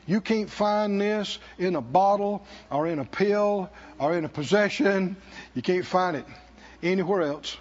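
A man preaching a sermon as pastor, calling for responses from the congregation and rising to shouts. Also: high-pitched, breathy edge. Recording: dull lo-fi sermon recording.

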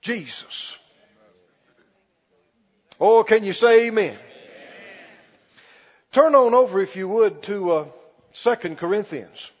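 A man preaching a sermon as pastor, stretching key words slowly and calling for the congregation to respond. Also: high-pitched, animated. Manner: preaching with call-and-response, slow emphatic stretches. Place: church. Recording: muffled recording in a reverberant church hall.

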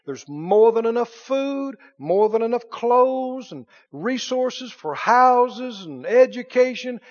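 Man, high voice, folksy sermon, hushed to shouting, dull lo-fi recording. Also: expressive, takes it slowly. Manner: folksy, swinging from hushed lines to loud exclamations. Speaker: preacher.

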